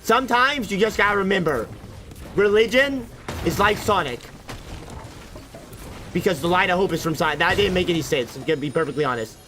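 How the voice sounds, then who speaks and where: A man's voice: high voice, expressive, brisk, pauses often, pushed and bright, a little hiss or hum. A man streaming a game, chatting casually with goofy, self-mocking banter. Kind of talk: casual gameplay commentary.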